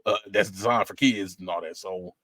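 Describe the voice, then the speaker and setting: A man co-hosting a podcast in casual chat, animated and slangy, laughing often. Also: sits low, moderate pace, a loud crowd. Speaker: podcast co-host.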